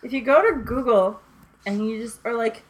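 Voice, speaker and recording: A woman's voice: a little high, moderate pace. A young woman co-hosting a podcast, with a giggly, rambling, joking way of talking. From Canada. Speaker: podcast co-host. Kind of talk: casual podcast chat.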